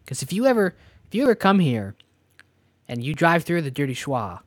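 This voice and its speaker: A man's voice: fairly high pitch, a little fast, dry recording, clean studio sound. A Canadian man co-hosting a podcast, chatting casually and joking with a friend. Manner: joking, animated. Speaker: podcast co-host. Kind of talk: casual chat.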